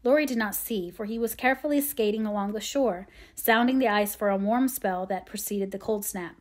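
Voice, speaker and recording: A woman narrating a classic novel aloud in a measured, expressive storytelling manner. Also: mid-range voice. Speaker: audiobook reader. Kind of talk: scripted narration.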